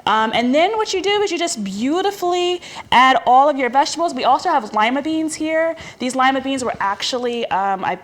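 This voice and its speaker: A woman's voice: on the high side, a little hiss or hum. A woman chef giving a cooking demonstration, explaining each step in a chatty, instructive way.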